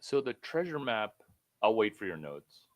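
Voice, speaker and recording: A man coaching someone one-on-one over a call, blunt and profane, rambling with sudden loud bursts. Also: on the low side, very animated, moderate pace. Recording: phone call.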